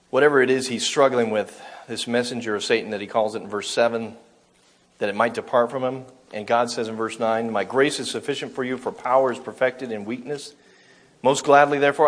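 Male preacher, husky voice, reads scripture then explains it in plain sermon talk. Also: medium pitch. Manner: reads scripture aloud, then explains it, with small self-corrections.

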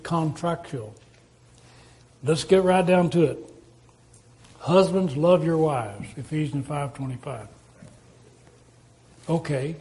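Preacher, male, higher-pitched voice, conversational sermon full of rhetorical questions. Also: warm tone.

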